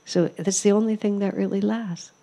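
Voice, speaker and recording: A woman's voice: mid-range voice, steady tone, normal speed, creaky. A woman giving a spiritual talk in an ashram, telling stories in an amused, reflective way. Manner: warm storytelling, amused, reflective. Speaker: spiritual teacher. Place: ashram hall.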